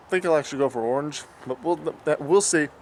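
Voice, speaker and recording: A man's voice: a little high, fast, slight background noise. A young man in his twenties talking casually in a daily vlog, rambling and thinking aloud as he goes. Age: 20s. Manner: rambling, thinking aloud with fillers and self-corrections. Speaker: vlogger.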